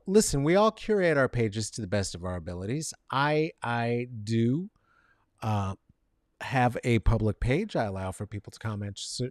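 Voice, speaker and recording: A man hosting a comedic commentary show, rambling and sarcastic, swinging between mumbled asides and loud outbursts and talking to viewers by name. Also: mid-range voice, no echo, clean studio sound. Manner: talks to chat viewers by name. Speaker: show host.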